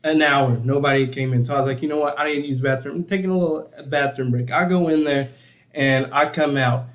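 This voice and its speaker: A man's voice: medium pitch, fairly even intonation, quick pace. A young man casually telling a story on a podcast, laughing a lot and acting out other people's lines. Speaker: podcast co-host.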